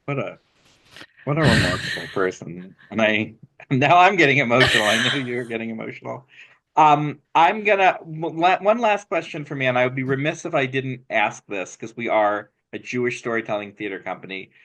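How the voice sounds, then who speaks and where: A man hosting an interview who asks his questions in a soft, hesitant way. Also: medium pitch, lively intonation, fairly quick. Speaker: interviewer for a storytelling theater company.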